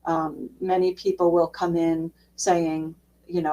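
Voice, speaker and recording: A woman social worker giving an educational talk in a relaxed, conversational way with frequent fillers. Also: lowish voice, measured pace, distant mic, low-quality recording.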